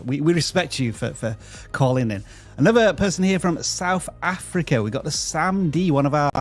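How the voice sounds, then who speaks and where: A man hosting a livestream, chatty and joking as he greets viewers by name. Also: on the high side. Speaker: livestream host. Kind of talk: upbeat livestream chat.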